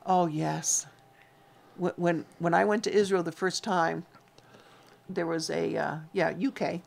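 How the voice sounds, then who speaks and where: Gravelly-voiced woman chatting on a livestream. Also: on the low side, fairly even intonation, unhurried, a little mellow. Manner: chatty, teasing, reads viewer names aloud. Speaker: co-host of a homestead livestream. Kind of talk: casual live chat reading viewer comments.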